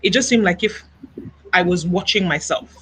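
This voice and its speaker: A woman from Nigeria, interviewed over a video call, recounts her own experience in a soft, halting way. She often stops to gather her words and leans on small fillers. Her voice is bright and slightly tense. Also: lowish voice, a little hiss or hum, low-quality recording. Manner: soft-spoken, halting, reflective, many "you know" fillers. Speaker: interview guest.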